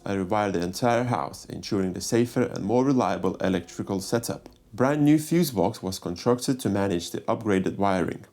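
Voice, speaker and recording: A man's voice: lowish voice, a little mellow. A man narrating a voice-over on his farmhouse renovation, explaining each step plainly with slightly non-native phrasing. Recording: faint music behind.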